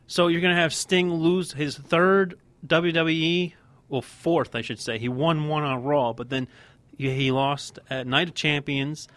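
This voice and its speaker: A man's voice: fairly high pitch, steady tone, a little slow, fairly bright tone. A man co-hosting a casual wrestling podcast, talking in a heated, emphatic rant. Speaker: podcast co-host.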